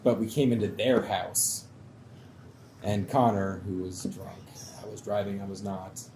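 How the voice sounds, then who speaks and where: A man telling a drinking story in relaxed, wry casual chat, with some swearing. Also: lowish voice, measured pace. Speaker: show regular. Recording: echoey room with faint background noise.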